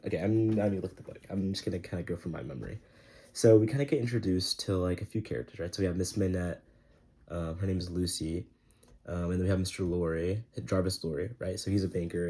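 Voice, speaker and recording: A man's voice: sits low, a little mellow. A young man giving a casual, rambling book review, full of slang and filler words.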